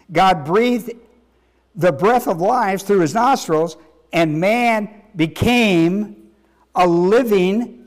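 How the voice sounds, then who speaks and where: Emphatic high-voiced preaching man. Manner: emphatic, repeats words, quizzes the audience. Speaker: pastor. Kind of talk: sermon teaching.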